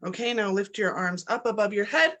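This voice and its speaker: A woman leading a guided breathwork class, coaching in an energetic, blunt manner with the odd swear word and chanting affirmations that build in force. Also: mid-range voice, a little fast. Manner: chants affirmations, pushes louder toward the end. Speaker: breathwork and meditation leader.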